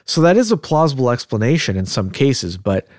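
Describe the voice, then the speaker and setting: A man's voice: mid-range voice, big pitch swings, a little fast, a little mellow, dry recording, studio quality. A man hosting a podcast in easygoing casual chat who chuckles often between points. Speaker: podcast host.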